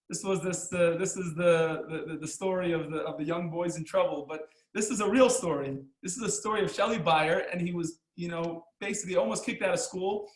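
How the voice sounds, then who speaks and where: A man teaching a class as a rabbi, telling stories and jokes in an animated, chuckling way, acting out the lines of the people in them. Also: sits high, fairly quick, few pauses, echoey room, rough recording. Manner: animated, chuckling storyteller who acts out the characters' lines. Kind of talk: storytelling lesson with jokes.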